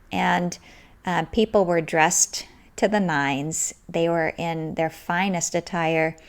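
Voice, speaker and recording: A woman hosts a podcast and tells a story in a lowish voice with a gravelly edge. She speaks earnestly and leans on her words for emphasis. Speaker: podcast host. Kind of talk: storytelling monologue.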